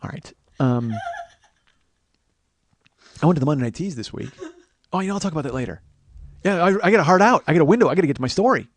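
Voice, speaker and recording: A man's voice: a little high, lively intonation, fast talker, pauses often, a little hiss or hum. A man in his forties hosting a comedy podcast, ranting in a rambling, profane, self-mocking monologue. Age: 40s.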